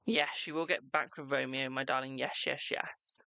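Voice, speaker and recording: A British man hosts a live tarot stream, reading questions off his chat and answering in an affectionate, chatty way. His voice is bright and forward with a gravelly edge. The sound is dry and close. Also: medium pitch, fairly even intonation, no echo. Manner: affectionate, calls viewers "my darling"; chatty, reads questions aloud and answers quickly.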